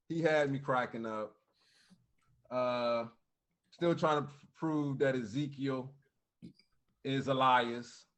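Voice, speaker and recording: A man co-hosting a wrestling podcast, recapping the show in casual, animated chat and acting out quotes. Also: medium pitch. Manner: animated storytelling with laughs and quoted voices.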